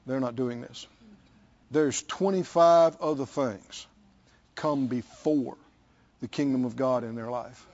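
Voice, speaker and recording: A man's voice: medium pitch, slow, long pauses, a little mellow, muffled recording. A middle-aged man preaching a sermon as pastor, emphatic and calling out to the congregation.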